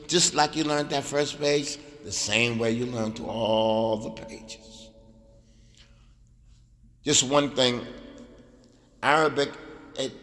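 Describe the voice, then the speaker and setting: A man's voice: medium pitch, a bit bright. A man teaching an Arabic class in a mosque, emphatic and repetitive, drilling phrases aloud. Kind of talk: lecture in a mosque. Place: mosque hall. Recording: long hall reverb.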